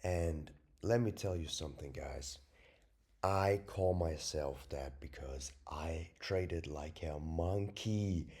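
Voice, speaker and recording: A man hosting a trading video, talking casually through a chart, blunt and self-mocking, jumping from loud emphatic warnings to whispered asides. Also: sits low, slow pace. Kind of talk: casual chart analysis talk.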